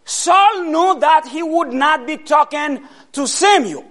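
Man, preacher, sermon, very high pitch, unhurried, asks questions, loud emphatic bursts. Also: lively intonation.

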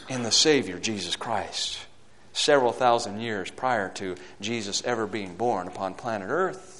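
A male preacher delivering a sermon, swinging between loud, fervent climbs and hushed, low passages, and reading scripture aloud in old-fashioned wording. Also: moderate pace. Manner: reads scripture aloud in King James wording.

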